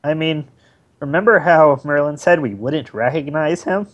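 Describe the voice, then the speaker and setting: A man's voice: on the high side, moderate pace, dull audio. A man playing a tabletop game, talking casually and reasoning aloud about what to do. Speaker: player.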